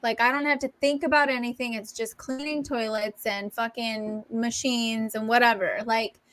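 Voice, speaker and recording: Bright, casual young woman co-host. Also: fairly high pitch, fairly even intonation, moderate pace. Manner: casual, profane, emphatic storytelling. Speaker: podcast co-host. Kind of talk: casual chat.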